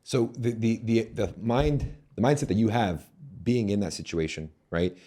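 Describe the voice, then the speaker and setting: A man's voice: lowish voice, moderate pace, mellow. A man hosting a podcast interview, asking probing questions in an inquisitive way. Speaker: podcast host.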